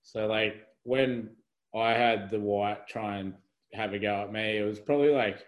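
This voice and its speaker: Rambling young man, low voice. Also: steady tone, unhurried, poor audio. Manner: rambling, filler-heavy, laughing through the story. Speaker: podcast guest, spearfisher. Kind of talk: casual storytelling in conversation.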